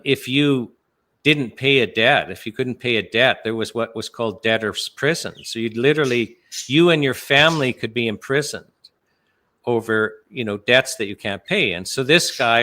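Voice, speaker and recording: A man retells a parable with earnest, lively storytelling. His voice has a gravelly rasp and a bright edge. He talks at an ordinary middle pitch. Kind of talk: retelling a Bible parable on a talk show.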